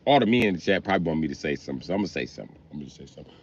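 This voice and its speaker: A man's voice: extremely low pitch, very fast, husky. Middle-aged dude ranting on his stream, crude and blunt, voice jumps all over, kinda dull dry mic. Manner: blunt, crude, heated and lively. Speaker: livestreamer. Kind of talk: profane comic rant on a livestream.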